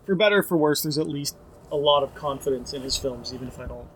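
A man speaking thoughtfully as a podcast guest, hedging his points and trailing off quietly. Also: mid-range voice, fairly even intonation, fast, slight background noise, poor audio. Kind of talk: casual chat.

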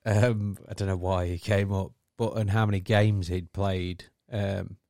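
A man's voice: low voice, flat delivery, measured pace, mellow, dry recording, studio quality. A man co-hosting a casual podcast chat, insistent and hesitant, with many fillers. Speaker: podcast co-host.

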